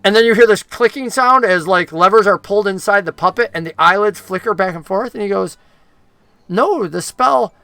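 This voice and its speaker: Lively game master narration, bright tone, dry close recording. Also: mid-range voice, a little fast, hardly any pauses, no room sound. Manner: lively storytelling, with frequent acted voices.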